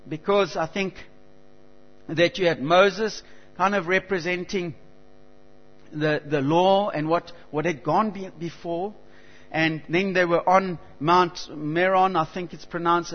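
Male preacher, high voice, earnest and stop-start delivery, lo-fi hall recording with hum. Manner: earnest, halting, with frequent restarts and swells of emphasis. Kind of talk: sermon. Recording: dull lo-fi recording with long hall reverb and mains hum.

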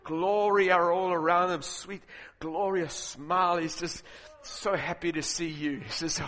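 A man preaching a sermon in an animated, humorous storytelling way, acting out scenes. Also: sits high, a little slow. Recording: long hall reverb.

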